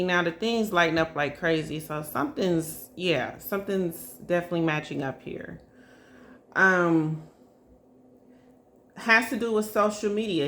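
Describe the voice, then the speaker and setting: This psychic reader's voice is on the low side and a bit bright, with a little background noise behind it. Talking casually to camera, she hedges and fills constantly, often tossing in "y'all" and "okay?" as she reads for her viewers.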